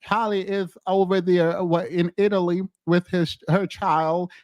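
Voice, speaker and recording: A man co-hosting a casual live-stream commentary, animated and laughing as he mocks chat commenters. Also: sits high, measured pace, no room sound.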